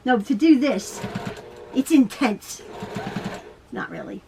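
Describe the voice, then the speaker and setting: High-voiced lady rambling thru a quilting lesson, sewing machine whirring in the back. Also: lively intonation, slow pace, creaky. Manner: rambling, laughs often, talks to herself. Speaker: quilting teacher. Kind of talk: chatty home sewing tutorial. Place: home sewing room. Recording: sewing machine noise behind her.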